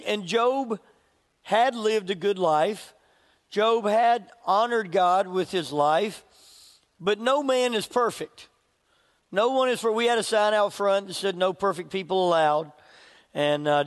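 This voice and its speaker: Male pastor, light high voice, chatty sermon style, long church reverb. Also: moderate pace. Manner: conversational, jokey preacher with self-corrections. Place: church sanctuary.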